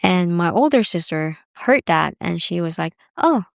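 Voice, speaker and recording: Low-ish and animated with vocal fry, her voice moves at normal speed in a dry, clean studio recording. She's a vlogger in her 20s from Bali, Indonesia, telling casual stories in a rambling, chatty way packed with "like."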